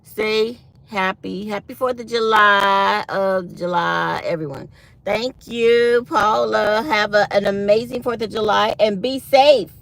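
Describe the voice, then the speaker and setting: A woman's voice: mid-range voice, slow, vocal fry, a bit bright. A woman chatting casually to her viewers, animatedly retelling her day. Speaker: vlogger.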